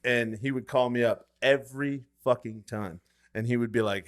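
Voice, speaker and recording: Animated swearing man telling a story. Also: mid-range voice, brisk. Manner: animated storyteller, swears a lot, acts out quotes. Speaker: podcast co-host. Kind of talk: casual chat.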